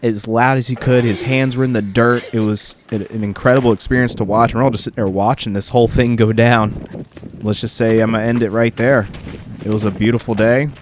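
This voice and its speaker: A man who works as a teacher gives casual, conversational narration of his own trip, relaxed and a little wry. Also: medium pitch, a little fast, background noise.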